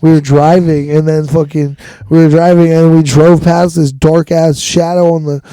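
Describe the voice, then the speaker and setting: A man's voice: on the high side, level tone, dark tone, smooth, no echo, poor audio. Laughing, swearing man telling a story. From Washington state. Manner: profane, laughing often, drawn-out storytelling. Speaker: podcast host. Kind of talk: casual storytelling chat.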